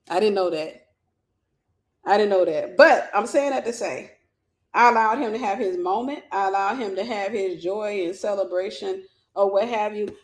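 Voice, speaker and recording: A woman hosting a storytelling vlog, retelling a phone call in an animated way and acting out both sides of the conversation. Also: medium pitch, normal speed, echoey room. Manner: animated retelling, acts out dialogue. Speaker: vlog host.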